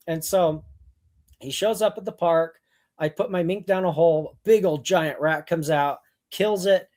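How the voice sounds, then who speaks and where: A man telling a story as a podcast guest, blunt and animated, acting out what people said. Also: fairly high pitch, unhurried. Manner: blunt and animated, acts out quoted voices. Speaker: podcast guest, mink hunter. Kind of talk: casual storytelling.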